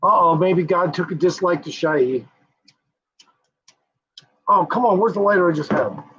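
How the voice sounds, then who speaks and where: A man's voice: sits high, a little slow, a bit bright, husky. A man hosting a casual livestream, rambling and cursing freely, often trailing off with fillers. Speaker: livestream host. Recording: dull lo-fi sound.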